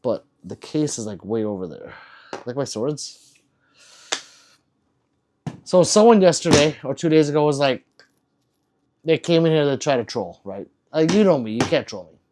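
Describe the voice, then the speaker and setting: Animated, joking male livestreamer. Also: medium pitch, moderate pace, long pauses, background noise. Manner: joking, teasing, rambling. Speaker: livestreamer reading chat. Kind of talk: casual livestream chat.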